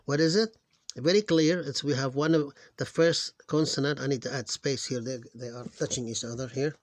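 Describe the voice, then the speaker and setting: A man teaching reading, slowly sounding out syllables one at a time, recorded on a close mic. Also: medium pitch, no echo. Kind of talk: screen-recorded phonics lesson.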